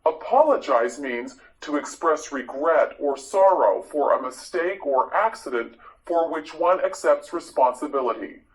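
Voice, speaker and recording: Slow, lively-pitched patient male teacher. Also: low-quality recording. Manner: patient, encouraging, repeats each word slowly and clearly. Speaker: English teacher. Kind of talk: vocabulary drill lesson for learners.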